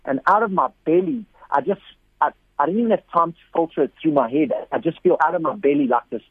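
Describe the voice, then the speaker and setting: Over a tinny phone line, a missionary guest in a storytelling interview talks fast in a fairly high, slightly rough voice, recorded dry. He tells his stories with lots of energy, repeats words often, and raises his voice when acting out quotes.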